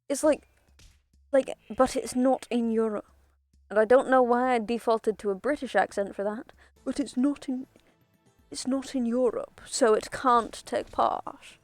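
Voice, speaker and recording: A woman's voice: on the high side, darkish tone, dry recording. A woman streaming a video game, chatting casually in a rambling, self-interrupting way and laughing often.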